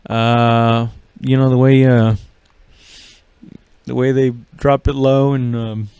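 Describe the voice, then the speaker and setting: A man's voice: mid-range voice, flat delivery, slow pace, a little mellow, clear, resonant tone, no echo. A man hosting a comedy podcast, rambling and swearing casually with lots of fillers and laughs. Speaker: podcast host.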